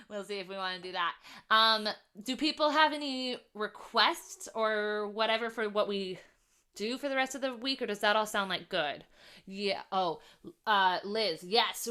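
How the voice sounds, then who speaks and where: A woman's voice: mid-range voice, sharp tone. A young woman teaching a music lesson over a video call, chatty and casual, counting beats and humming melodies. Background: cello playing.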